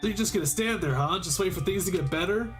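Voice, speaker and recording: A man voicing a brash male biker gang leader with a gruff, swaggering delivery over game music. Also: high-pitched, lively intonation, a little fast. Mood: taunting.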